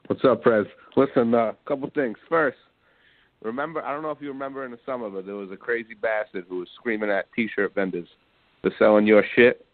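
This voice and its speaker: A man calling in to a radio show, an eager fan who talks loudly. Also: mid-range voice, fast, dry recording. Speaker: caller. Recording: tinny phone line.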